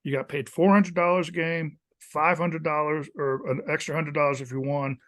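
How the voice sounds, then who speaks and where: A man's voice: on the high side, normal speed. A man in his fifties, a former college kicker, telling casual stories as a podcast guest and acting out the coaches he quotes. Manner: animated storyteller who acts out quoted coaches. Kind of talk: casual storytelling interview.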